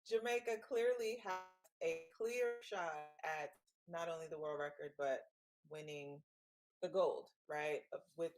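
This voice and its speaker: Woman cohost chatting about track, playful gossipy vibe, lowish voice. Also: steady tone, slow pace, a little mellow, soft background music. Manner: gossipy, playful, laughs often. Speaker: co-host. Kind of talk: casual sports chat.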